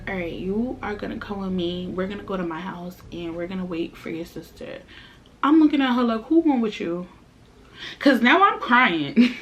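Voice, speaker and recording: A young woman, a vlogger telling a storytime tale with animated delivery and acted-out quotes. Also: medium pitch. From Brooklyn, New York. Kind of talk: storytime chat.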